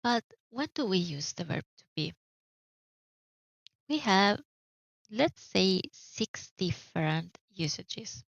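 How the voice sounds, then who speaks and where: A woman teaching grammar in an online lesson, explaining slowly and carefully with examples. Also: medium pitch, animated, vocal fry, no echo. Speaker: Italian teacher. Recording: dull, dry lo-fi audio.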